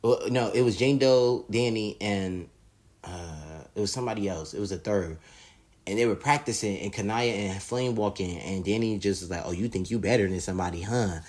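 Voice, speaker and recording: A man casually recapping a reality show episode in slangy, animated talk, laughing often. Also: fairly low pitch, moderate pace.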